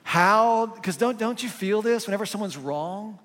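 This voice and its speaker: This sermon comes from a pastor with a high-pitched voice who speaks at a normal rate with few pauses, with slight background noise in the echoing hall. His style is animated and conversational, built around rhetorical questions.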